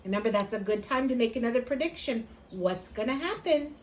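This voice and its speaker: A woman reading a picture book aloud to children as a teacher, pausing to ask them for predictions. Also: fairly high pitch, animated, slight background noise.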